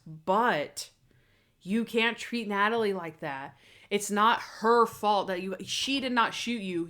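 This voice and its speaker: Brief: chatty woman co-host, lively recap talk, pops into squeaky character voices, mid pitch. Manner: animated, acts out scenes in high squeaky voices. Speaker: podcast co-host. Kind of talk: casual chat.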